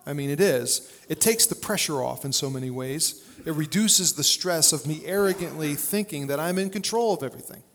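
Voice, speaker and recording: Conversational male pastor in a reverberant hall. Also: on the high side. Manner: conversational storytelling with frequent fillers. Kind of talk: sermon.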